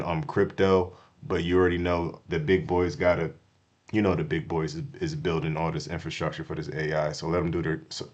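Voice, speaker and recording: Deep-voiced man hyping crypto charts. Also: highs cut off. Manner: swings from hyped shouting to hushed apologies; casual slangy delivery, repeats himself. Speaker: crypto streamer. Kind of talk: excited market commentary to chat.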